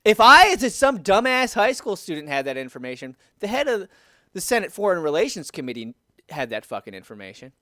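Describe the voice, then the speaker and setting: A man's voice: sits high, very animated, brisk, sharp tone, no echo. Heated man ranting, dry close sound. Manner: heated, repetitive, restarts and swears when riled. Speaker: video commentator. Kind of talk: ranting political commentary.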